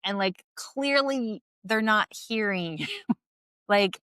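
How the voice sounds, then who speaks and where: A woman physician and podcast guest, chatting casually and telling patient stories in a lively way, often saying "like" and laughing. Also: mid-range voice, takes it slowly, clean tone, no echo. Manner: animated storyteller, heavy use of "like", laughs often. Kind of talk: casual interview chat.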